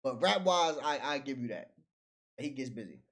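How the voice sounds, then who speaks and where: A man's voice: medium pitch, expressive, moderate pace, a bit bright. A man hosting a casual livestream, talking in slang, reading chat aloud and laughing often.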